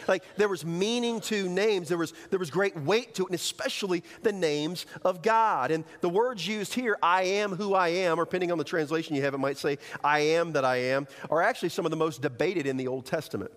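A man preaching a sermon as pastor, animated, acting out quoted excuses and speeches in a large church. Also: on the high side, brisk, few pauses. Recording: long hall reverb.

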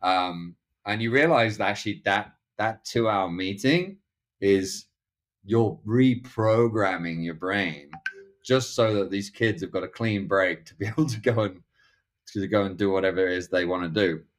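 A middle-aged man with a notably low, deep voice chats as a podcast guest. He rambles, restarts his sentences and leans on fillers as he circles toward his point. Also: measured pace. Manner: acts out other people's lines in quoted voices. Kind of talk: casual conversational interview.

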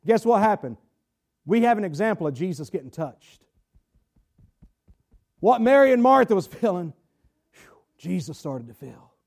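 High-voiced preacher. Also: male voice, creaky. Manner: animated preaching, drawls and stretches words, asks the congregation questions. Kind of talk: sermon. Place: church sanctuary.

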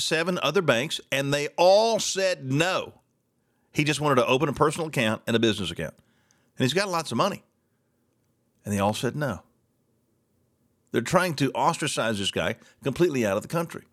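A man's voice: mid-range voice, fairly bright tone. A middle-aged man hosting a solo talk show, ranting with sarcastic indignation.

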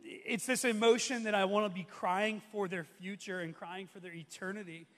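A high-voiced man in his thirties preaches from a church stage, his words trailing off into a long hall reverb. He tells the story casually, doubling back on himself with fillers and restarts as he goes. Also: fairly even intonation, normal speed, fairly bright tone. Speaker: pastor. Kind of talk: sermon.

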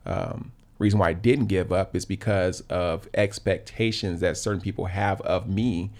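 A man in his thirties from South Los Angeles, speaking low with a gravelly, creaky texture. He tells stories in relaxed conversation, reflective and unhurried, often restarting his sentences and leaning on fillers. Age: 30s. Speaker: podcast guest. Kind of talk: casual conversational storytelling.

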